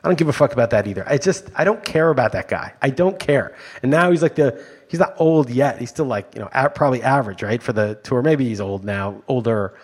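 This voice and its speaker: A man's voice: medium pitch, expressive, a little fast, slightly rough. A man co-hosting a casual podcast chat, ranting emphatically and swearing freely. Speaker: podcast co-host.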